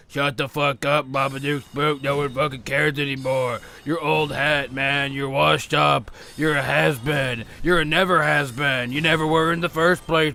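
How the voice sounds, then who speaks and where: A man's voice: on the high side, creaky, sharp tone, full character voice. A man voicing an ancient, weary evil spook who groans profane, self-pitying complaints over video game play. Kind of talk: in-character commentary over video games.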